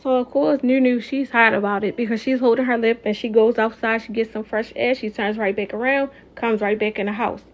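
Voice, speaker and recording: A woman speaks straight to her viewers in a casual, animated and opinionated recap of a reality show. Her fairly high voice runs fairly quick with hardly any pauses, and the recording sounds dull and lo-fi.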